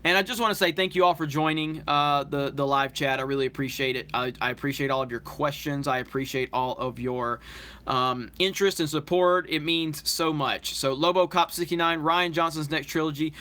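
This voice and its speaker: A man's voice: a little high, steady tone, brisk, sharp tone. A man hosting a live stream, reading out viewer comments one by one and answering them in a casual, talkative way. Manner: thanks viewers and reads their comments aloud.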